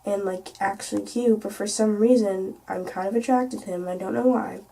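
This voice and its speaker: A woman's voice: medium pitch, steady tone, normal speed, vocal fry, mellow. A teenage girl telling a casual storytime vlog, chatty and full of "like" and "you know". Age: teens. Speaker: vlogger.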